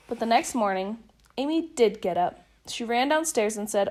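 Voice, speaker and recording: A woman reading a children's picture book aloud in a lively, expressive way. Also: mid-range voice, normal speed. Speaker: storybook reader.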